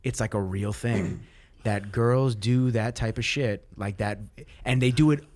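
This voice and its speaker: A man's voice: mid-range voice, measured pace, a little mellow. A man hosting a podcast, chatting casually, restarting his sentences and swearing freely. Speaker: podcast host. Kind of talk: casual chat.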